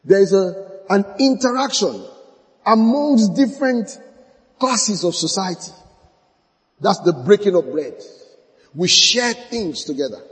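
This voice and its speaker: A man preaching in a high voice that swings widely up and down. He hammers points home by repeating key phrases, and the voice rings with a long hall reverb. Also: lively intonation, measured pace, long pauses. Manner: acts out church members in short dialogues. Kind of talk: sermon.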